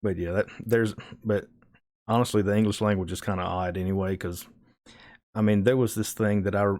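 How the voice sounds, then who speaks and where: A man's voice: lowish voice, a little mellow. A man with a fairly thick Southern American accent, chatting casually with viewers on a live stream and often restarting his words. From Southern United States.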